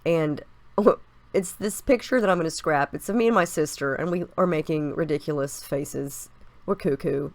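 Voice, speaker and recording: A woman with a stuffy cold speaks at normal speed in a low, gravelly voice on a dry recording. A scrapbooking crafter, she gives a casual, upbeat voice-over for her process video, chatting through and explaining each step.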